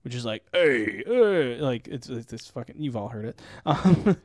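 A man's voice: medium pitch, normal speed, darkish tone, no echo, studio quality. A man co-hosting a podcast, telling stories in casual chat with lots of laughter and swearing. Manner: laughing, swearing, slangy storyteller. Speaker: podcast co-host.

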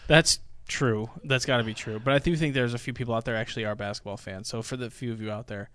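A man's voice: mid-range voice, fairly even intonation, fast, a bit bright, clean tone, no room sound. A young man co-hosting a casual podcast, easygoing and agreeable. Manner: easygoing, agreeable, chuckling along. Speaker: podcast co-host.

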